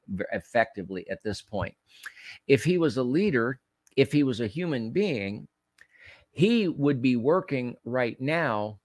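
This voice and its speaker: A man's voice: medium pitch, dry recording. A man hosting a political commentary show, speaking in a heated, emphatic way and repeating phrases for effect.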